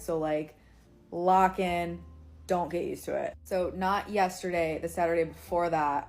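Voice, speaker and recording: A woman's voice: deep voice, darkish tone. A young woman telling a dating story in a chatty, candid way with playful asides. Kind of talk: casual storytime.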